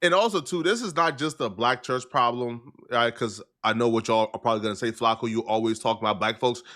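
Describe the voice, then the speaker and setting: A man giving casual commentary to his viewers with an emphatic, conversational way of talking. His voice is bright and forceful, at an ordinary pitch. He keeps checking in with the listener as he goes. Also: fairly quick. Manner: emphatic, conversational, asks "right?".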